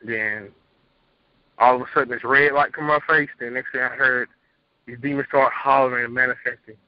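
A man's voice: medium pitch, steady tone, fairly quick, no echo. A young man calling in to a show, earnestly telling his story in a plain, rambling way over a phone line. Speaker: caller. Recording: muffled phone-line audio.

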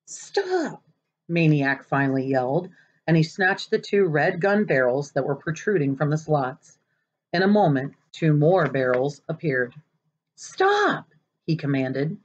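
A woman reading a children's novel aloud, expressive and lively, raising her voice for the characters' lines. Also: deep voice, moderate pace, dull audio. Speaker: narrator.

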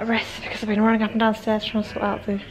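A woman's voice: mid-range voice, monotone, racing, a crowd in the background. A young woman chatting casually to camera in a vlog, giggly and rambling with lots of "like" and "um". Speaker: vlogger. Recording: noisy handheld vlog recording.

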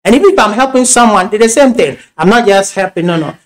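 Ghanaian pastor guy preaching, high voice, chatty stories, restarts a lot. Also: lively intonation, fast talker, low-quality recording. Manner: storytelling, repetitive restarts, laughing asides. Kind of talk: sermon. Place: church.

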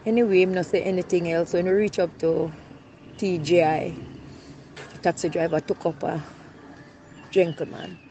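A woman's voice: on the low side, steady tone, normal speed, pauses often, warm tone, a little hiss or hum, rough recording. A woman with a Jamaican accent giving an eyewitness account, telling her story and slipping into patois. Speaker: robbery witness.

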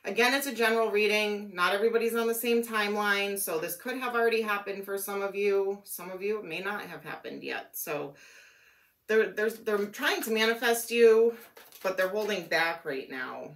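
A woman reading tarot cards aloud, musing and thinking out loud as she goes, her voice a little worn and hoarse. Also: medium pitch, normal speed. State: losing her voice. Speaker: tarot reader.

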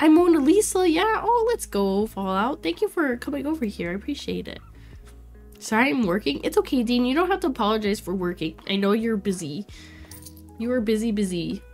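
A woman in her twenties chatting casually and bubbly with viewers while streaming a game, laughing often. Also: fairly high pitch. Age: 20s. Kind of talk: casual livestream chat while playing.

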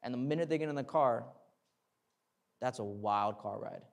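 Speaking at medium pitch and normal speed, a young man preaches in a conversational style. Tag questions like "right?" and fillers like "like" mix with repeated words and restarts as he builds to fervent emphasis.

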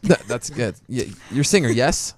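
A man's voice: mid-range voice, lively intonation, normal speed, darkish tone, no room sound. A man co-hosting a radio show, chatting in a playful, teasing way. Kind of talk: casual chat.

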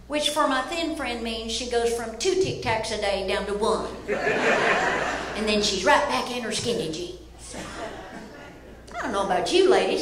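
High, lively woman in her fifties doing stand-up. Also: moderate pace, long pauses. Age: 50s. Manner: brash, self-mocking, chats with audience. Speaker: stand-up comedian. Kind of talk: stand-up comedy routine. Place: comedy club stage. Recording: echoey live club, loud audience noise. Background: audience laughing and applauding.

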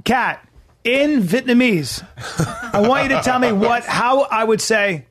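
A man hosting a podcast, talking in casual banter in an excitable way, laughing as he goes. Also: very high voice, a little slow. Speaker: podcast host.

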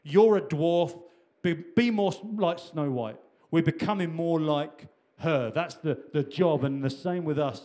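A man's voice: fairly high pitch, measured pace, darkish tone. A middle-aged man preaching a sermon in a conversational way, with repetitions and restarts. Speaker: pastor.

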